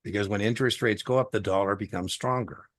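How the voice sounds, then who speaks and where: A man's voice: lowish voice, fast, a bit bright, no room sound, clean studio sound. A middle-aged man tutoring a student one-on-one over a video call, chatty and folksy, telling stories with lots of fillers. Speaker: exam tutor.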